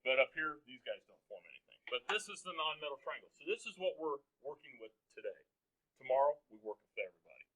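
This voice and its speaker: A man's voice: on the high side, sing-song, quick pace, pushed and bright, rough recording. A man teaching a chemistry class, lecturing casually with jokes and questions to his students. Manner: chatty and joking, asks the class questions. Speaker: high school chemistry teacher.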